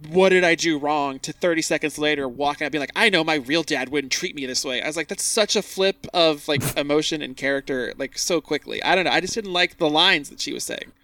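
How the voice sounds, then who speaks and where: A man's voice: a little high, brisk, hardly any pauses, bright, forceful tone. A young man co-hosting a casual rewatch podcast, blunt and exasperated, swearing casually. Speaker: podcast co-host.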